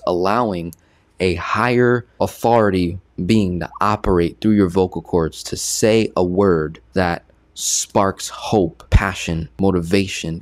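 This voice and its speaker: A man with a very low voice teaches on a live stream, firing off ideas in quick, preacherly bursts. The sound is close and dry, with hardly any room around it. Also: no echo. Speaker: finance coach.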